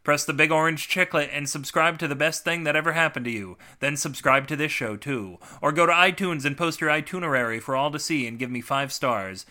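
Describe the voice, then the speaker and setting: Sardonic man with a bright voice. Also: on the high side, fairly quick, few pauses. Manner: sardonic, self-mocking deadpan asides. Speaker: podcast host reading his own short fiction. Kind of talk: comic podcast monologue and story reading.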